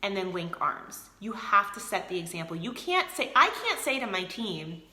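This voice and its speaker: A woman's voice: mid-range voice, big pitch swings, normal speed, bright, forceful tone, roomy sound. A woman leading a sales team, chatting casually and energetically in a motivational live video, answering viewers by name. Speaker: team leader of a direct sales group.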